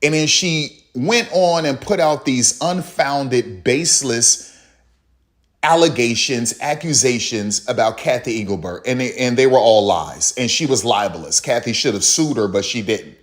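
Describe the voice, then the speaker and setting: A man's voice: mid-range voice, animated, unhurried. Heated man ranting about sports. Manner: heated, repetitive, emphatic, acts out others in quotes. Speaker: commentary channel host. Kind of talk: opinionated sports commentary monologue.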